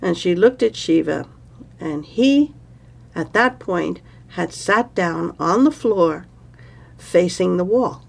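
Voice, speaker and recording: Gravelly-voiced woman telling a story. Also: lowish voice, takes it slowly. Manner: relaxed, conversational, with fillers. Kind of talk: oral storytelling.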